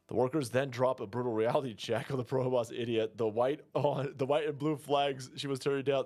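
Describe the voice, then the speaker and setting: A man's voice: a little fast, hardly any pauses, a little mellow, soft background music. A man giving ranting, profane political commentary, mocking the people he talks about. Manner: mocking, profane, mimics others in high voices.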